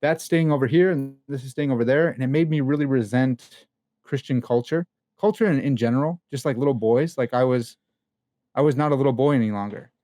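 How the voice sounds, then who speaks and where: A young man as a podcast guest, telling personal stories in a candid, animated way full of casual slang and fillers. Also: medium pitch, a little fast, dry recording, clean studio sound. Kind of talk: casual conversation.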